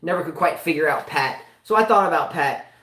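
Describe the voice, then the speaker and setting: A man hosting a live tennis trivia stream from home, hyping the game with loud shouts and catchphrases. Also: a little high, animated, fairly quick, echoey room, slight background noise. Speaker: host of a live quiz show. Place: home with slow internet.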